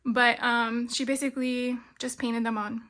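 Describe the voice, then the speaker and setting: A woman's voice: a little high, level tone, measured pace, fairly bright tone. A middle-aged woman chatting casually through a tour of her home craft room, with lots of ums and a slightly breathless delivery. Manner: chatty, frequent ums, light laughs. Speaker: craft vlogger.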